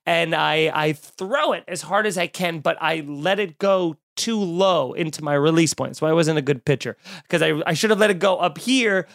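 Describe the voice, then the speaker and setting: A man, a stand-up comedian hosting a podcast, telling a story in a casual, animated and self-mocking way, with lots of swearing. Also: fairly high pitch, normal speed, gravelly, hardly any pauses, no echo, studio quality.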